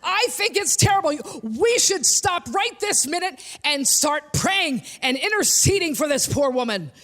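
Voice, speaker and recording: A woman voicing an indignant churchwoman who heckles from the back, in a shrill scolding tone. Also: very animated, a little slow, fairly bright tone, heavily acted.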